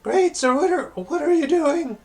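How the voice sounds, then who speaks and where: Shrill bossy little winged creature. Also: male voice, lively intonation, a little slow, a little mellow, heavily acted. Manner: shrill, scolding. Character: small winged male cat-dragon creature, bossy. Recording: background game music.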